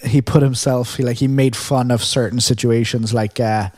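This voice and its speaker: A man co-hosts a laid-back podcast, rambling through stories and breaking into hummed riffs and sung lines. His voice is mid-pitched and the sound is dry and close. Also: moderate pace, no room sound. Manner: animated storyteller, hums and sings riffs; rambling with many fillers. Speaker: podcast co-host. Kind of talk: casual chat.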